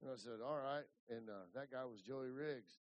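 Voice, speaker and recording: A man's voice: medium pitch, normal speed, darkish tone, muffled recording. A man in his fifties from Ohio, preaching a folksy, rambling storytelling sermon full of restarts. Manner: rambling, repeats words and restarts.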